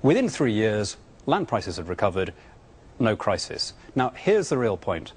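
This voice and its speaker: A man's voice: on the low side, big pitch swings, a little slow, slightly rough. A British man as a politician guest on a TV interview, arguing his views earnestly and often stammering through restarts. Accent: British English. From Britain. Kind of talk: remote TV interview answers.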